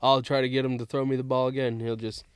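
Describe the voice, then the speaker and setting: A man's voice: medium pitch, little pitch movement, quick pace, clean tone, dry recording, clean studio sound. A man in his thirties with a New England accent, chatting easily as a podcast guest and laughing often. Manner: easygoing, laughs often, short reactions. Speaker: podcast guest, basketball coach, dad. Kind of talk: casual chat.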